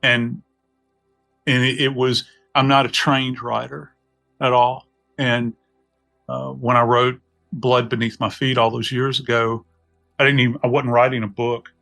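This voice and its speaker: A middle-aged man from New Orleans with a Southern US accent, a podcast guest telling reflective stories in an unhurried, folksy way. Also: medium pitch, flat delivery, creaky, bright, forceful tone, soft background music. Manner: unhurried, folksy, many "you know" asides. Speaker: podcast guest, death investigator. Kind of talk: reflective storytelling conversation.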